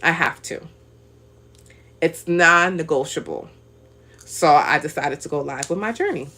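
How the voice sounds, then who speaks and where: A woman's voice: sits low, lively intonation, a little slow, gravelly, bright, forceful tone. Chatty motivational woman in her thirties. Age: 30s. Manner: upbeat, chatty, motivational, talks straight to viewers; reads out viewer comments and laughs often. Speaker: livestream host. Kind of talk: casual live-stream chat.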